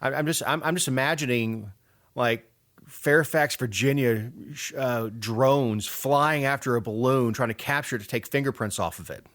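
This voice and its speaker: A man's voice: medium pitch, normal speed, fairly bright tone. A man, co-hosting a casual political podcast with wry, rambling sarcasm. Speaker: podcast co-host.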